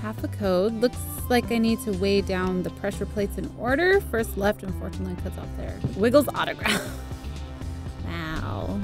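A woman's voice: mid-range voice, lively intonation, normal speed. A woman in her thirties playing a video game with giggly, chatty commentary. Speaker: gaming YouTuber. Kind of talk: let's play commentary. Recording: commentary over game music.

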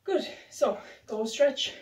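A woman's voice: high-pitched, lively intonation, slow pace. A woman instructing a home workout, counting reps aloud while exercising, out of breath. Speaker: fitness instructor. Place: room at home. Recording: roomy sound from a distant camera.

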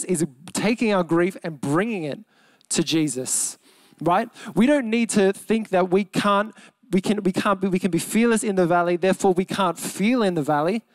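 A young adult pastor with an Australian accent and a high-pitched voice preaches a sermon earnestly and emphatically, slowing and softening on key words. The recording is dry.

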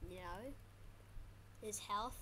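A woman giving live gameplay commentary, excitable and panicky, shouting during fights and repeating words quickly when flustered. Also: medium pitch, a little hiss or hum. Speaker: gaming channel host.

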